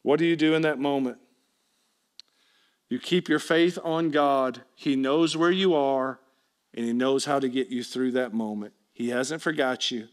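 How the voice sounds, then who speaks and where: A male pastor preaching a sermon, telling the story with lively energy and acting out the people in it. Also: mid-range voice, unhurried. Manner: animated storytelling preacher, acts out quoted voices.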